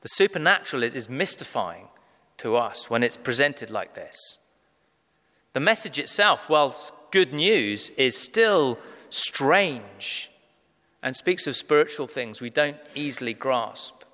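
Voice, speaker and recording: Preacher in a reverberant hall. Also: male voice, mid-range voice, sing-song, pushed and bright. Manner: measured, emphatic, slows down on key phrases. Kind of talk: sermon. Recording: long reverb of a large hall.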